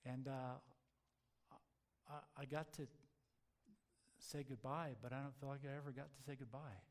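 A man telling a personal testimony in an earnest, halting way, dropping soft and low at times. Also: little pitch movement. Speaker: testimony speaker.

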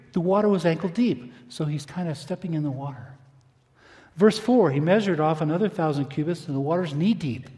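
A man preaching a sermon, reading scripture aloud and slowing down for emphasis. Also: fairly high pitch, dark tone, big-room sound. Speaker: pastor.

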